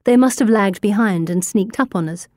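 Female audiobook narrator, warm low-ish voice, steady and wry, dry booth sound. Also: moderate pace, dry recording. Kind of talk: first-person audiobook narration.

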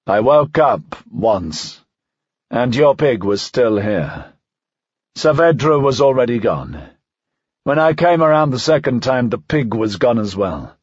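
A man's voice: mid-range voice, big pitch swings, slightly rough, dry recording, highs cut off. A man voicing a slurring dying conspirator. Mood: fading. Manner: slurred, slow and fading. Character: dying male conspirator, bitter and defiant. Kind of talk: audiobook character voice.

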